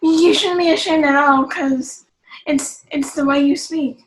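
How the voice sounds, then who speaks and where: A woman's voice: sits high, fairly even intonation, a little slow, rough recording. A participant in an online class speaking up hesitantly and restarting her sentences. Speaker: workshop participant. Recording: faint noise on a video call.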